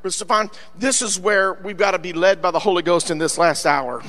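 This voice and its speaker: A man, a pastor, preaching a sermon with shouted, rising bursts and frequent "uh" fillers. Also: high-pitched, brisk.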